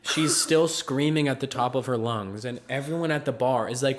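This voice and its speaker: Animated man telling a story. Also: mid-range voice, fairly quick, hardly any pauses. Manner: animated storyteller, acts out quotes with laughs. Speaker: podcast co-host. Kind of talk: casual storytelling chat.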